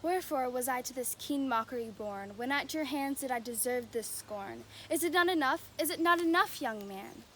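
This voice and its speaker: A hurt, rejected young woman, played by a young actress in an outdoor youth production. Her voice sits high, and the verse comes out earnest and breathless. Faint outdoor noise lies behind her. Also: animated, normal speed, few pauses, sharp tone. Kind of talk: outdoor youth stage acting.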